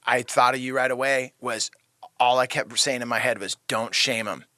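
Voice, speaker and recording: A middle-aged man co-hosting a podcast, telling a family story in a lively way and acting out the quotes. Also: mid-range voice, moderate pace, no room sound, clean studio sound. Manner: animated storytelling, acts out quotes. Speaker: podcast co-host. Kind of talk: casual chat.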